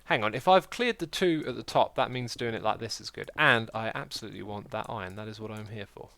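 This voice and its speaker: Fast and gravelly yet fairly bright in tone, a lowish-voiced man hosts a gaming livestream. He chats loosely, reading viewer comments aloud and making himself the butt of his jokes.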